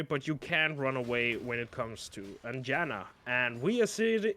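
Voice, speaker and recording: A man's voice: mid-range voice, lively intonation, moderate pace, few pauses, pushed and bright. German-accented male esports caster. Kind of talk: live esports commentary.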